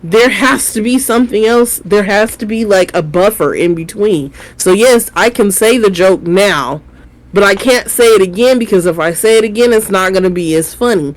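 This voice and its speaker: A man co-hosting a relaxed review chat, with a mid-range voice. He talks animatedly, repeating and rephrasing his points to drive them home. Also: sits high, normal speed, poor audio. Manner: animated, explaining with repetition. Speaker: podcast co-host.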